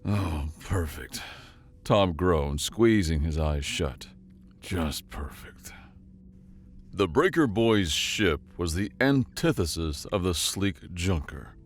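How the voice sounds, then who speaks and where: A man reading a sci-fi story as narrator, with dramatic, expressive delivery. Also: low voice, slow, few pauses.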